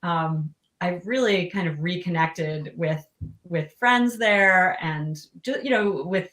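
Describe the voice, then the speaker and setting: A woman's voice: fairly low pitch, slow pace, a bit bright. Thoughtful woman in a roomy echo. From Long Island, United States. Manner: thoughtful, with many restarts and fillers. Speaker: guest author. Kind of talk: casual interview chat.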